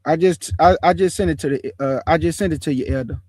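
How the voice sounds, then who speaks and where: Man, high voice, dry close sound, casual livestream host, slangy, laughs often. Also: quick pace, dry recording. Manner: relaxed slangy street talk, addresses viewers as family; laughs often while telling stories. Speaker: online show host. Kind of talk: casual livestream chat on scripture.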